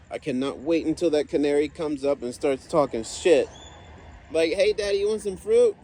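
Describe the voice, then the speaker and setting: A man's voice: on the low side, darkish tone, slight background noise. A man casually narrating a garden vlog outdoors, chatty and counting plants aloud as he goes. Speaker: vlogger gardener.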